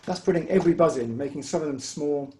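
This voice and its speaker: A man's voice: on the high side, very noisy. Patient man teaching an online workshop. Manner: patient, explains step by step with pauses. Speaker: hurdy-gurdy teacher. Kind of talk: online music workshop instruction. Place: home room, online workshop.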